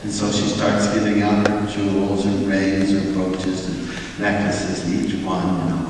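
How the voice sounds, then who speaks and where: A man's voice: sits low, monotone, unhurried, noisy background. A man, a priest, giving a conversational mission sermon with stories and jokes in a church. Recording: echoey church PA heard from far off.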